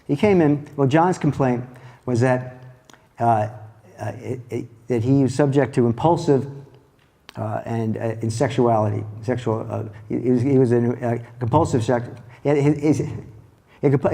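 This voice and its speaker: Mellow-voiced man lecturing reflectively. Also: medium pitch, creaky. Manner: reflective, halting storytelling with soft restarts. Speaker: lecturer and therapist. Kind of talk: lecture with a case story.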